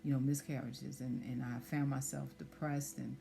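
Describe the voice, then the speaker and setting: A woman sharing a personal testimony in conversation, soft-spoken and hesitant with many fillers. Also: very deep voice, flat delivery, normal speed, vocal fry, music in the background. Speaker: guest sharing pregnancy loss story.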